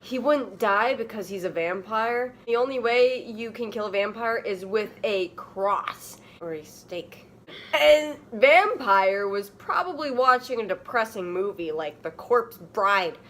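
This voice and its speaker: A woman's voice: fairly high pitch, expressive, a little slow. Young woman in a mock-dramatic comedic reading. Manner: mock-dramatic, bursts into loud overacted outrage. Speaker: comedy reader.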